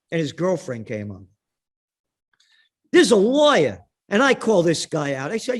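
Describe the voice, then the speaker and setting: Animated, ranting New man. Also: sits high, brisk, breathy edge. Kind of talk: heated monologue and storytelling.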